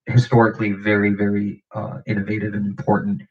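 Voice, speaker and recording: A man hosting a livestream vocal tutorial, explaining techniques with lots of fillers and pauses. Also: lowish voice, completely flat delivery. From United States. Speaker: beatbox channel host. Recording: dull lo-fi stream audio.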